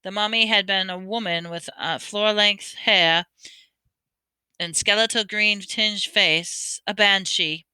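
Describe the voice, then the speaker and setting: A woman reads a novel aloud in an amateur style, tripping over words and fixing them as she goes. Her voice is very bright and crisp, recorded dry and close with no room sound. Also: medium pitch, fairly even intonation, slow, no echo. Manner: stumbles and corrects words while reading. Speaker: audiobook reader.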